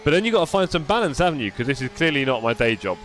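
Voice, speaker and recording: A man's voice: mid-range voice, big pitch swings, rapid-fire, fairly bright tone, slight background noise. A young man live-streaming a racing game, chatting casually and answering his viewers by name with self-deprecating humor.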